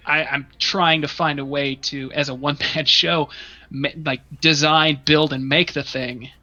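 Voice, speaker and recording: A man talking as an interview guest in long, rambling run-on sentences. His voice is bright and pushing, and sits a little high. The recording is dry and lo-fi, with faint music behind him. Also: steady tone, a little slow, dry recording. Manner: rambling, run-on, with many fillers. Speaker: guest, one-man accessory maker. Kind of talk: casual interview chat. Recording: dull lo-fi dry sound.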